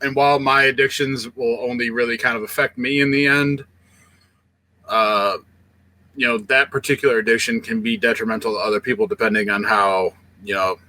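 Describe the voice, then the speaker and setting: Bright-voiced man, blunt and profane. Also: medium pitch, fairly even intonation, fairly quick. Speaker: podcast co-host. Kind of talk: casual podcast chat.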